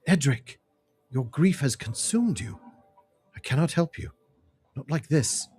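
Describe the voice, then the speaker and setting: A man voicing a proud, stern young noblewoman with formal, measured speech in a fantasy game. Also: mid-range voice, animated, a little mellow, slightly rough, voice pushed up. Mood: firm.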